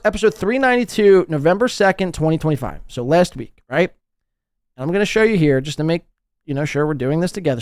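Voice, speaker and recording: Crude, mocking podcast host ranting. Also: male voice, a little high, no room sound, studio quality. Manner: crude, sarcastic, mocking, swings between loud outbursts and muttering. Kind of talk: ranting live podcast commentary.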